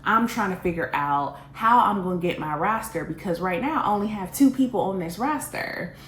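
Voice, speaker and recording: A woman telling a personal story in a casual storytime vlog, animated and self-mocking, often laughing. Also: mid-range voice, normal speed. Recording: roomy echo, faint background hiss.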